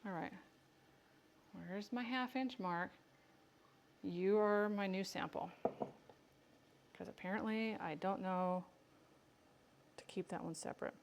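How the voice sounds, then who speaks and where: A woman's voice: medium pitch, slow, long pauses, background noise. A woman chatting casually with viewers while she cans beans. She jokes and teases herself as she works. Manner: chatty, joking, self-teasing, talks to viewers by name. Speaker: home canning vlogger. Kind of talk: casual cooking livestream chat.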